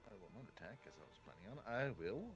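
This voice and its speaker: A man playing a tabletop game who talks in a laid-back way, pausing as he reads his rolls, heard over a dull lo-fi microphone. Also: fairly low pitch, very animated, fairly bright tone, faint music behind. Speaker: player. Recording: dull lo-fi mic.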